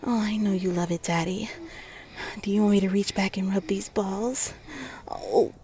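A woman playing a commanding lover in an erotic audio role-play, breathy and often whispering, giving slow, coaxing directions. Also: medium pitch, fairly even intonation, dark tone, natural voice. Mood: sultry.

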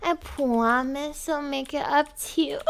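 A woman putting on a high sugary baby voice. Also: expressive, gravelly, slight background noise, exaggerated voice. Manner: slow, sugary, giggly baby talk. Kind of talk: comedy skit.

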